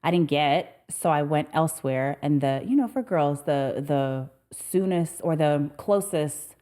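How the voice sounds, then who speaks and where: A woman's voice: low-pitched, measured pace, warm tone. A woman co-hosting a podcast in casual chat, frank and swearing freely. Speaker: podcast co-host.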